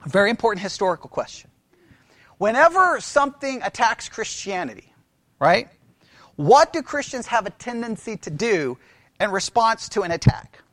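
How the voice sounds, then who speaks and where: A man's voice: sits high, sing-song, normal speed, a bit bright, no echo. A man lecturing a Bible class in a conversational way, quizzing his listeners and repeating key phrases.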